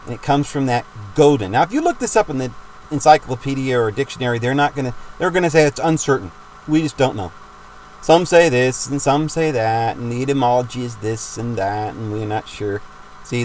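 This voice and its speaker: A man's voice: medium pitch, slight background noise, poor audio. A man giving a rambling, emphatic religious monologue for his videos, with frequent restarts. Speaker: video maker.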